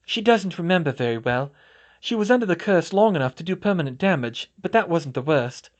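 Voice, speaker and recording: A man's voice: on the high side, animated, brisk, lo-fi sound, pitched above the performer's own voice, natural voice. A man voicing a cold, blunt young woman student who speaks matter-of-factly.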